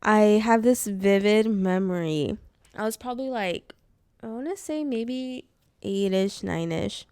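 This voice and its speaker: A woman's voice: medium pitch, animated, measured pace, a little mellow, smooth, no room sound. A woman co-hosting a podcast, telling a personal story in a rambling, casual way, full of "like" and laughter. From California. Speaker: podcast co-host. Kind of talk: casual chat.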